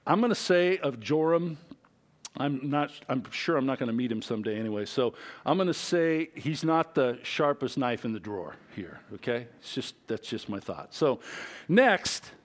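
A man preaching a conversational sermon, shifting between loud, excited stretches and quiet, low asides. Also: normal speed. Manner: lively, conversational preaching with wide swings in pitch and loudness. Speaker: pastor.

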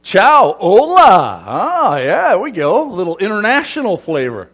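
A man's voice: high-pitched, wildly swooping pitch, normal speed, a bit bright. A middle-aged man from Southern California, playfully quizzing and joking with a live audience as he speaks to a congregation. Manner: playful, asks the audience questions and jokes with them. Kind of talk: lively talk to a live audience.

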